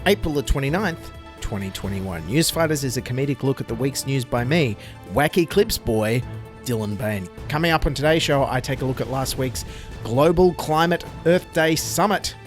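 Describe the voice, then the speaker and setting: A man's voice: mid-range voice, expressive, moderate pace, soft background music. An Australian man hosting a comedic news podcast, delivering sarcastic, mocking commentary. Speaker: podcast host.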